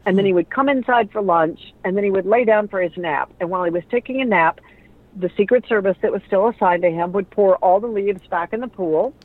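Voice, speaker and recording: A middle-aged woman, a radio personality and author, tells lively stories in a conversational interview, acting out the voices of people she quotes. Her voice is medium-pitched, heard over a dry, tinny, phone-like line.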